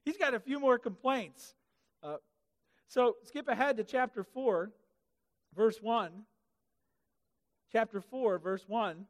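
High-voiced preacher guy, super animated, acts out characters with goofy voices, long hall echo. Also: takes it slowly, long pauses. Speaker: pastor. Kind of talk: sermon. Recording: hall reverb.

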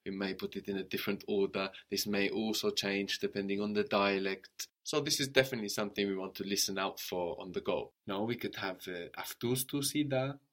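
A man teaching a language lesson, patiently prompting questions and repeating the learner's answers. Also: fairly low pitch.

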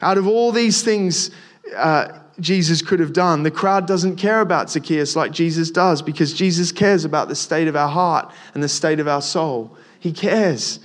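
A man's voice: fairly high pitch, moderate pace. A young man preaching a casual sermon, talking to the listeners conversationally with frequent restarts and repeated words.

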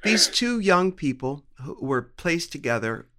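A man's voice: fairly high pitch, big pitch swings, measured pace, sharp tone. A man co-hosting a podcast, gossiping casually about a TV show and swearing now and then. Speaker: podcast co-host. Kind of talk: casual chat.

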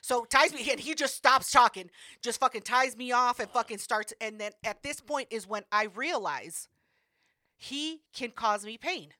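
Profane woman telling an animated story. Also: fairly high pitch, moderate pace, no echo, studio quality. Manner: animated, profane, acts out quotes. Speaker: podcast co-host. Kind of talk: casual storytelling.

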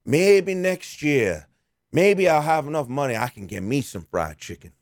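A man voicing a pushy street beggar who drawls and wheedles in a slow, sing-song way. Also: fairly high pitch, animated, dry recording, studio quality, pitched above the performer's own voice. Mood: wheedling.

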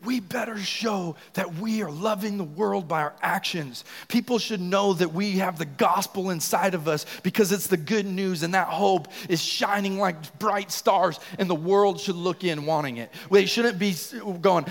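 A young man preaching passionately to his church, often raising his voice close to shouting. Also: high-pitched, unhurried. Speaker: youth pastor leading worship. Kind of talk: sermon. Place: church sanctuary. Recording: long reverb of a church hall.

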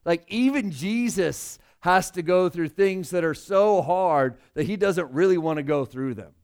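A young male pastor preaching a sermon in an earnest, conversational way, rising loud on emotional points. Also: sits high, unhurried, smooth.

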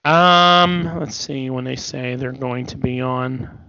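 A man's voice: medium pitch, slow pace, vocal fry, bright, forceful tone, no echo. Rambling man in casual wrestling chat. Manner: rambling, hesitant with many restarts. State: yawning, tired. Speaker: podcast co-host. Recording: dull dry podcast audio.

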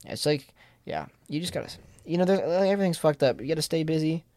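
Fast-talking young man, casual chat. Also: a little high, mellow, dry recording. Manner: rambling, swears a lot, laughs often. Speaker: podcast guest.

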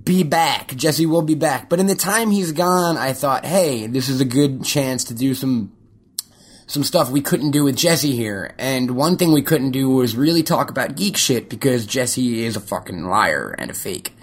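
A man's voice: mid-range voice, animated, moderate pace, slightly rough. A man hosting a podcast, chatting casually in a joking, profane, rambling way with lots of restarts. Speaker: podcast host.

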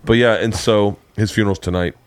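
A man hosting a podcast, telling stories in a loose, animated way and laughing often. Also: on the low side, brisk. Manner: animated storyteller, laughs often, does loud voices in quotes. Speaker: podcast host. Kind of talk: casual chat. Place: home studio man cave.

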